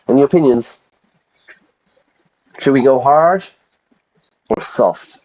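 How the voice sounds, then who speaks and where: A man's voice: medium pitch, slow, pauses often, darkish tone. A man who teaches English, playing a game on stream and chatting casually as he explains words for learners. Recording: dull, lo-fi sound.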